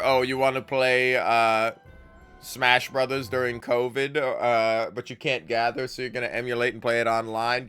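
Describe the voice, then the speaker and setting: A man's voice: mid-range voice, flat delivery, moderate pace, fairly bright tone, clean tone, soft background music. A young man livestreaming a game, joking profanely and laughing often. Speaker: streamer. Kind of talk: casual gaming livestream chat.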